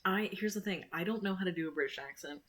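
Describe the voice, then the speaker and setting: Young American streamer, husky voice, rambling self-mocking chat, sore mouth. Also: mid-range voice, fast, a bit bright. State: sore mouth after dental surgery. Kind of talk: casual live-stream chat.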